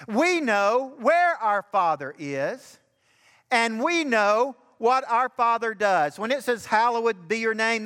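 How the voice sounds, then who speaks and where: With a sharp tone, an older pastor from Alabama preaches a sermon in a high voice that climbs with fervent emphasis. The long reverb makes it sound as if his words are filling a church sanctuary.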